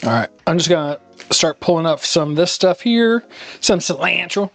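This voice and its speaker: A man's voice: high voice, lively intonation, moderate pace, creaky. A man rambling sarcastically and animatedly in casual chat while he cooks live in his home kitchen. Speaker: live-streaming home cook. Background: faint music.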